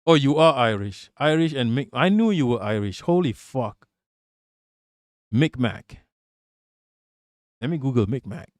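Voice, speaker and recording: A man's voice: medium pitch, lively intonation, a little slow, long pauses, dry recording, clean studio sound. A man hosting a casual political livestream, talking bluntly and profanely and laughing as he reacts to chat. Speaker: livestream host.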